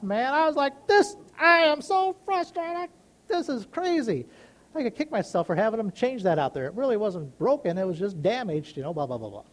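A man's voice: sits high, darkish tone. A man giving a casual, rambling devotional talk, telling everyday stories in an earnest, folksy way. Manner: earnest, rambling, folksy storytelling with many asides. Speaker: Christian speaker sharing a personal story.

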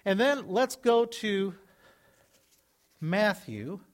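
A man preaching a sermon in a conversational way, swinging between loud, emphatic lines and quiet asides. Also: high-pitched, expressive, extremely slow. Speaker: pastor.

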